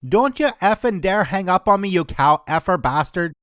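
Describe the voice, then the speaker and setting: A man's voice: high voice, expressive, normal speed, fairly bright tone, clean tone, no echo, studio quality. A man voicing a drunk, foul-mouthed Belfast man on the phone, slurred and belligerent, in an attempted Belfast accent. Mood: abusive.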